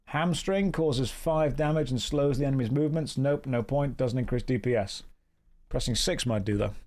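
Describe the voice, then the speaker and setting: A man's voice: medium pitch, moderate pace, a little mellow. A young man from the American Midwest streaming a game, reading out chat and answering it in a dry, playful way. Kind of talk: casual live-stream commentary.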